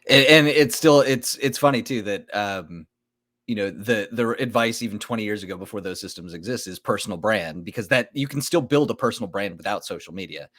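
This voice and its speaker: A man hosting a livestream interview, speaking in a relaxed, somewhat halting way. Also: on the low side, no room sound, studio quality. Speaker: host.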